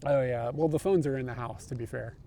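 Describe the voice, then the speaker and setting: A man's voice: medium pitch, fairly quick, warm tone. A man hosting a livestream, chatting casually outdoors on a clip-on mic and laughing through rambling stories. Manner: laughs often, rambling anecdotes. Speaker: livestream host. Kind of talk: casual chat. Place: outdoors, riding scooters. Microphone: wireless clip-on microphone.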